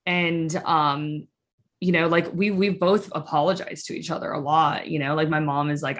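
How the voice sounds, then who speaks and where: A woman from the United States telling stories in an animated, chatty way, full of fillers, in casual conversation. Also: sits low, normal speed. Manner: chatty, animated storytelling full of "like" and "you know".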